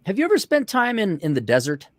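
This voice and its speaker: A man's voice: high-pitched, huge pitch swings, fast, no room sound, clean studio sound. A man co-hosting a casual podcast, telling stories in a profane, ranting way and acting out the people he quotes. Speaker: podcast co-host.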